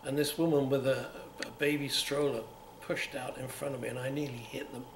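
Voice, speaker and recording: A man's voice: mid-range voice, little pitch movement, brisk. A man in his seventies with a London accent between upper-class and Cockney, reminiscing in an oral history interview, rambling with restarts. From England. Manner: rambling, with many restarts and repeats. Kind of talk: unscripted reminiscing. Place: museum room. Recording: roomy with faint hiss.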